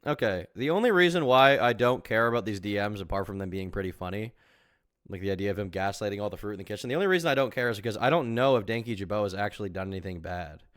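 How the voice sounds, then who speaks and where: A man's voice: on the low side, animated, fast talker, fairly bright tone, dry recording, studio quality. A man streaming live and reacting to a video, talking casually in a rambling, argumentative way full of fillers.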